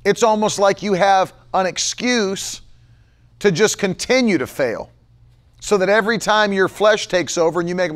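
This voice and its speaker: A man's voice: moderate pace, a bit bright. A man preaching a livestream sermon, emphatic, repeating key phrases for stress. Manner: emphatic, repeats key phrases, mocks others in a low mumbling voice.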